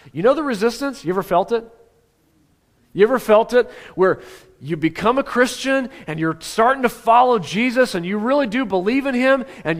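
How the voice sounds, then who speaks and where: Brief: a middle-aged pastor, high-pitched, preaching in a chatty style full of rhetorical questions. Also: male voice. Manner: conversational, rhetorical questions, swings from animated to hushed. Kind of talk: sermon.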